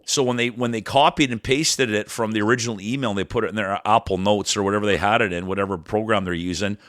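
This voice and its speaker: A man's voice: on the low side, fairly even intonation, fast talker, no room sound. Blunt, profane man ranting on a podcast. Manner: blunt, profane, rambling, swings loud and soft. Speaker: podcast co-host. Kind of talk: casual ranting chat.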